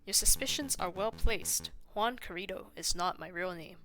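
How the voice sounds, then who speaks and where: A woman's voice: medium pitch, normal speed, pushed and bright, faint music behind. A woman playing a suave, grandiose fox schemer. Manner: smooth, grandiose storytelling. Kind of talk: reading a game aloud on stream.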